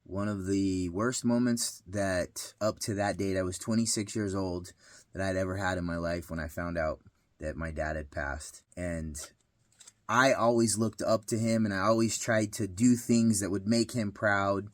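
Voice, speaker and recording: A man's voice: deep voice, a little slow, no echo. A man in his thirties sharing a personal story and life advice, earnest and heartfelt, repeating phrases for emphasis. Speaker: vlogger giving life advice.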